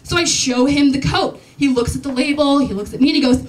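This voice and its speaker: A young woman with a high, bright voice tells a funny personal story on stage. She is animated and laughs as she goes. The mic sits some distance away, so she sounds a little far off. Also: brisk. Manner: animated, comic, laughs through lines. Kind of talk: live story slam telling. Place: stage at a live event.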